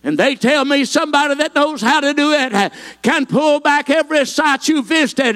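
A man's voice: extremely high pitch, animated, normal speed, a bit bright. A man pastor, preaching a fervent sermon and stringing phrases together with rhythmic "uh" fillers.

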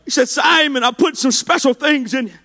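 High, bright-voiced shouting preacher man. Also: a little fast, in a large hall. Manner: rising to shouted, sing-song preaching with "uh" between phrases. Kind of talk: sermon.

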